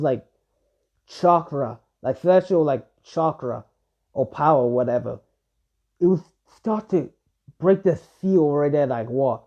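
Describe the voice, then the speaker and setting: A young man improvising fan-fiction narration in a rambling way, full of fillers and restarts, on a dull lo-fi recording. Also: on the high side. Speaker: fan storyteller.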